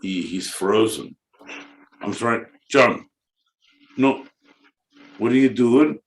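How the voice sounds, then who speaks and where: A man co-hosting a podcast, crude, loud and joking. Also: on the low side, animated, slow pace, a little hiss or hum. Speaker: podcast co-host. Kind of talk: casual comedic chat.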